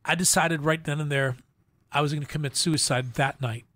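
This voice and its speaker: A middle-aged man telling his personal testimony as an interview guest, in an earnest, halting way with frequent restarts. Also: fairly high pitch, steady tone, fairly bright tone, no echo, clean studio sound. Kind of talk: emotional personal story in a faith interview.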